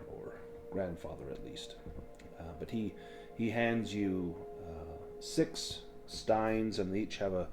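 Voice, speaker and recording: Deep-voiced man narrating a tabletop game. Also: a little mellow, slight background noise. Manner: halting, casual narration with many fillers. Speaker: game master.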